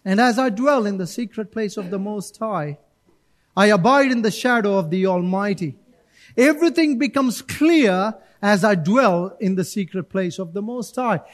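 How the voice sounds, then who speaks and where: A male pastor preaching a sermon in church, animated, acting out little voices and asides to the congregation. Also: high-pitched, normal speed.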